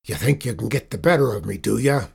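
A man voicing a gruff, defeated male pirate captain with a low, growling pirate dialect. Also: lively intonation, quick pace, a little mellow, exaggerated voice. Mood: taunting.

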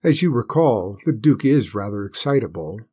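A man with a husky voice voicing a courteous, measured chief adviser to a king in a read-aloud fairy tale. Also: on the low side, animated, dark tone. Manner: gracious, measured. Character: smooth courteous male royal adviser.

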